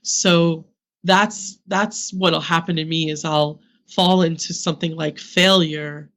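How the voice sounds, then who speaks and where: A woman's voice: sits low, steady tone, slow pace, a bit bright. A woman in her fifties from Brooklyn, a podcast guest speaking candidly and animatedly with frequent laughs. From Brooklyn, New York, US. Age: 50s. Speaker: podcast guest, social media consultant. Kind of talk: candid interview conversation.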